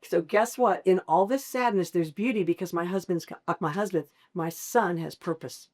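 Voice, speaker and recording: Expressive middle-aged woman telling her story. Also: lowish voice, normal speed. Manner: expressive, laughs often, acts out quoted dialogue. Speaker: podcast guest. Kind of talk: emotional personal storytelling.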